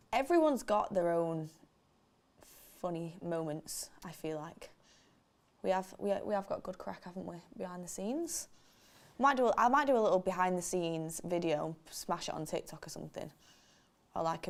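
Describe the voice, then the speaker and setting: Teasing woman co-host, lively chat. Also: lowish voice. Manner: lively, teasing, quick to laugh. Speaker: co-host reading viewer chat. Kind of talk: casual chat during a match watchalong.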